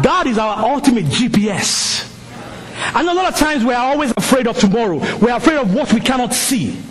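Male pastor, middle-aged, non-native English speaker, high and lively voice, animated sermon delivery, faint background hum. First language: not English. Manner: animated storytelling, rising to shouts.

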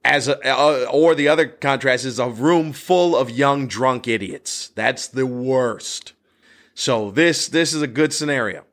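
A man's voice: medium pitch, a little slow, a bit bright. Comedian guy telling a story, voice jumps way up when he gets worked up. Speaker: stand-up comedian. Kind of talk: casual anecdote telling.

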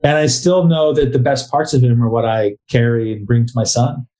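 A man's voice: mid-range voice, steady tone, moderate pace, warm tone. A middle-aged man co-hosting a casual book talk, rambling, restarting sentences and reading passages aloud. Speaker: podcast co-host.

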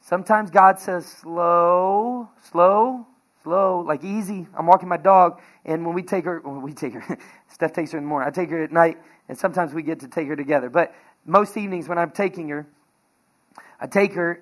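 A man preaching a sermon as pastor, energetic and conversational, telling everyday stories with laughter. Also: high voice.

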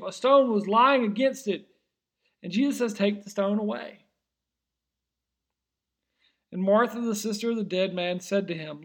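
A male pastor preaching in an earnest, searching way, with a notably high-pitched voice. He pushes some lines out loud and emphatic, then sinks into quiet, slow phrases. He often stumbles and restarts his words. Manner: earnest preaching, rising to emphatic cries, dropping to soft, slow near-whispers; frequent restarts and repeated words. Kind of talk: sermon.

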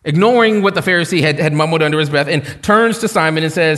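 A man's voice: fairly high pitch, quick pace, fairly bright tone, in a large hall. A man preaching a sermon in a conversational, storytelling way with touches of humor. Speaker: pastor.

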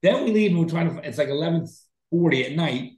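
A man's voice: on the high side, expressive, quick pace, a little mellow, echoey room, rough recording. A man co-hosting a podcast, telling a long story in a rambling, profane, casual way. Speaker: podcast co-host. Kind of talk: casual chat.

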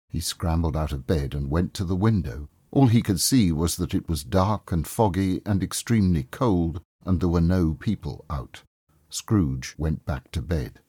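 Deep, slow, husky male storyteller. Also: dry recording, studio quality. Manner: calm, measured and expressive. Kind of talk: storybook narration.

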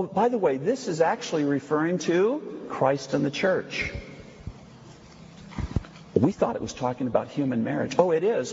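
An impassioned male Bible teacher with a slightly high, gravelly voice. He moves from loud, excited exclamations to hushed, low passages. The recording is dull and lo-fi, and his voice echoes through a large hall. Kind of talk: impassioned sermon-style teaching. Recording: reverberant hall, dull lo-fi sound.

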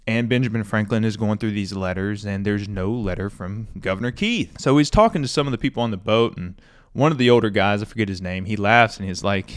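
Man, podcast host, low voice, casual book review, conversational, dry close sound. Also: a little fast, no echo. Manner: relaxed, conversational, loose fillers like "you know" and "stuff like that".

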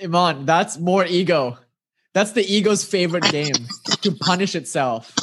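A man with a slightly raised voice guides a listener through meditation exercises in a patient, gently instructive tone. He talks casually and with animation, as if on a video call. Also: high voice, moderate pace. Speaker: meditation teacher.

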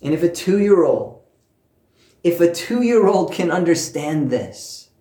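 A man preaching a sermon, telling a personal story with warmth and earnest emphasis, speaking to listeners at home. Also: a little high, very animated, slow pace, reverberant. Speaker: pastor.

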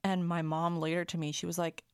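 A young woman as a podcast guest in casual chat, earnest, filling her stories with "like" and getting animated as she tells them. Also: lowish voice, brisk, clear, resonant tone, no room sound, clean studio sound. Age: young adult. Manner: earnest with lots of "like", animated when telling stories.

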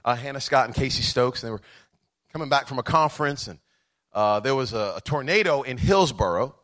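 A man preaching a sermon, moving between quiet conversational asides, chuckling stories and a rising, rhythmic preacher's cadence. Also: mid-range voice, expressive, fairly quick. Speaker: pastor.

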